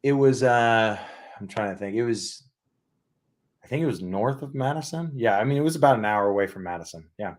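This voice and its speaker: A man's voice: mid-range voice, animated, brisk. A young man from Alabama, a podcast guest in casual interview chat over a remote call, easygoing and thinking aloud with many fillers.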